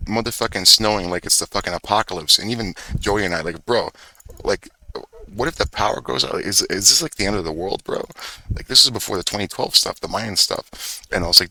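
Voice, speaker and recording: A young male vlogger tells a rambling, profane story while screen-sharing, chatting casually with many fillers and self-corrections. His voice is on the low side, brisk, bright and forceful, and the recording is rough.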